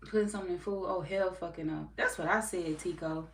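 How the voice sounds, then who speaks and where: Woman doing a live tarot stream, low voice, chill and cussing, mic kinda far so it's echoey. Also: a little fast, fairly bright tone. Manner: laid-back, swears freely, laughs often. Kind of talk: casual live-stream chat reading comments. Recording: roomy echo from far off mic, faint background noise.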